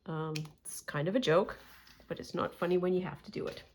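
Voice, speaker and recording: A woman's voice: on the low side, a little fast, a little mellow, a little hiss or hum. A woman with a Canadian accent chatting casually and rambling a bit as a crafting vlogger, often self-deprecating. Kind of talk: casual chat while drawing.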